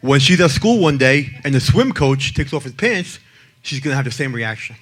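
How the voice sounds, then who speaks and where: A man's voice: mid-range voice, sing-song, moderate pace, fairly bright tone, breathy edge. Blunt, brash man telling stories. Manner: blunt and brash, acts out other people in his stories. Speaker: child abuse prevention advocate speaking to an audience. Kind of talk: blunt talk with joking stories.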